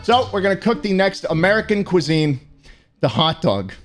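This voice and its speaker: A young man giving comedic gameplay commentary, his voice leaping widely from dry, sarcastic asides to high, shouted outbursts. Faint game music plays behind him. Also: sing-song, moderate pace. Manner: sarcastic, bursts into shouting and laughing. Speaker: gaming streamer.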